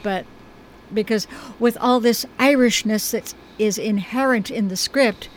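An American woman, a stage director, talking through her production in a thoughtful, chatty interview with a gentle humor. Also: on the high side, unhurried, a little hiss or hum, rough recording. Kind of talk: conversational interview.

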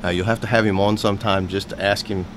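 Man, lowish voice, radio chat, halting with fillers, faint hiss. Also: little pitch movement. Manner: halting, many "uh" fillers, laughs often. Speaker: city official on local radio.

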